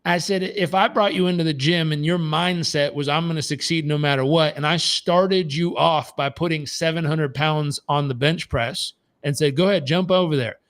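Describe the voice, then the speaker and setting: A man's voice: fairly high pitch, normal speed, hardly any pauses, fairly bright tone. A man running a live motivational coaching session with an emphatic, repetitive delivery, often stumbling and restarting his sentences. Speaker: performance coach.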